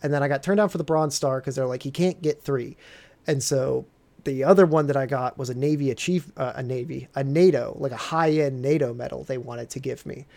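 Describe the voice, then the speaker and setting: A man's voice: mid-range voice, fairly quick, vocal fry, a little mellow. A man, a military veteran, telling rambling, profane stories in casual podcast chat and laughing often.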